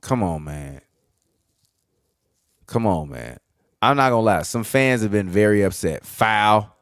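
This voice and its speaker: A man co-hosting a podcast, reacting live to a basketball game with excitable, profane mock play-by-play. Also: on the low side, unhurried, clear, resonant tone, dry recording, studio quality. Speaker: podcast co-host.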